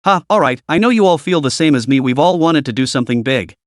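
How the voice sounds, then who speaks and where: A man voicing a blunt, gruff male squad captain. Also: fairly high pitch, expressive, fast talker, no echo, studio quality, close to an everyday voice. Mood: excited.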